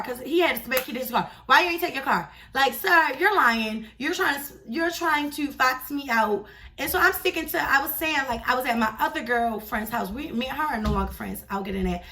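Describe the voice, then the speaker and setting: A young woman vlogger telling a story in a casual, chatty, slangy and animated way. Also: sits high, recorded from a distance, slight background noise.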